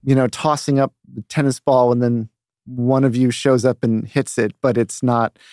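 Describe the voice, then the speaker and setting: A man with a soothing, measured way of telling stories, chatting casually as a regular in a studio podcast. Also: mid-range voice, little pitch movement, darkish tone, dry recording. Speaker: podcast regular, review curation manager.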